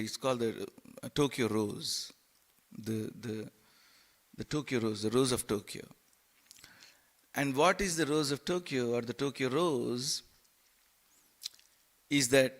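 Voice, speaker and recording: A man preaching a sermon in a temple hall, halting and repeating words, with playful asides. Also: mid-range voice, a bit bright.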